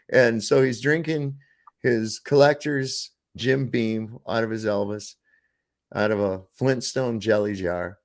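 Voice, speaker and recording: A middle-aged man hosting a podcast, telling stories in a profane, animated, casual chat. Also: lowish voice, a little slow. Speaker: podcast host.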